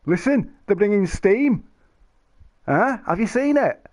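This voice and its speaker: A man's voice: high voice, very animated, slow pace, pauses often, a little mellow, dry recording. A man chatting casually to stream viewers, rambling and joking, laughing often. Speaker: live streamer.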